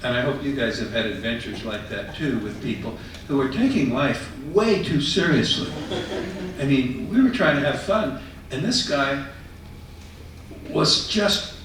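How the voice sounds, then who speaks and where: A man telling a personal story to an audience in a conversational, animated way. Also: medium pitch, a little hiss or hum. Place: retirement residence common room. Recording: echoey room, mic far off.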